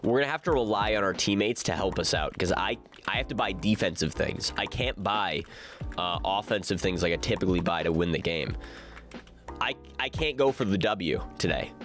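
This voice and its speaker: A young man talks over his gameplay in a fairly low voice that leaps all over the place. He rambles, stacks up fillers and breaks into frantic bursts of protest. Background music plays clearly beneath him. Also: normal speed. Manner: excitable, yells "no" in bursts, filler-heavy rambling. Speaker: gaming YouTuber. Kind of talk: casual gameplay commentary. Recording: music playing behind the voice.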